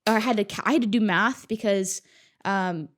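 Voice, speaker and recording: Woman, podcast guest, mid-pitched, animated storyteller, swears freely, laughs a lot. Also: moderate pace. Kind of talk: casual chat.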